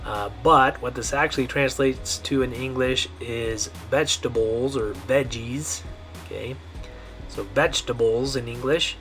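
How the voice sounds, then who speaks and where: A man teaching a pronunciation lesson, who talks patiently and repeats each word slowly with a frequent "okay". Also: mid-range voice, steady tone, a bit bright, soft background music. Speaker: Spanish teacher. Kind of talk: language lesson.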